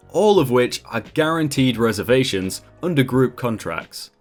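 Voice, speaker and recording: Lively man reading Reddit stories. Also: medium pitch. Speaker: host.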